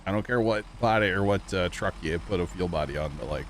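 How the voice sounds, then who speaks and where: A man hosts a gameplay livestream, chatting and joking with viewers and teammates in casual gameplay banter. His voice is deep and quick, with a little hiss or hum in the audio.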